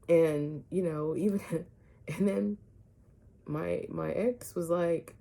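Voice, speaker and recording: A woman vlogger telling a personal story to her viewers, animated, often asking "right?" and dropping some words to a whisper. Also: on the low side, takes it slowly, creaky.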